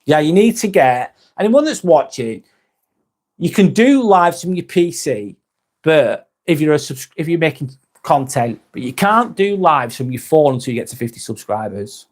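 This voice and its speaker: A man's voice: fairly high pitch, big pitch swings, normal speed. A man from northwest England, hosting a live stream in a casual chat style, reading viewer comments aloud and replying in a friendly way.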